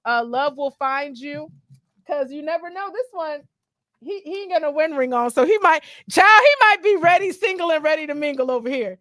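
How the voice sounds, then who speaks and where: Sassy high-voiced woman. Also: normal speed, no room sound, clean studio sound. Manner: sassy, animated, teasing. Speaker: radio show host. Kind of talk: casual radio chat. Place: radio studio.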